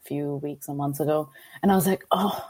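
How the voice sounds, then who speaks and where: A woman's voice: deep voice, brisk, darkish tone. A woman who narrates company videos, chatting casually as a podcast guest in a matter-of-fact, self-deprecating way. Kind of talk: casual chat.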